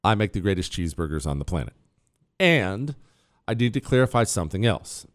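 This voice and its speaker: A man's voice: sits low, big pitch swings, fairly quick, dry recording. Boastful male radio host, dry close sound. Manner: playful, bragging, teases a co-host. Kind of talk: boastful casual talk radio monologue. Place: radio studio. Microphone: studio mic.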